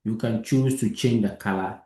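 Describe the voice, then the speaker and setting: Low, mellow man teaching code. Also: normal speed, reverberant. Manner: patient, repeats himself and checks understanding. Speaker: coding teacher. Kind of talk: live coding lesson.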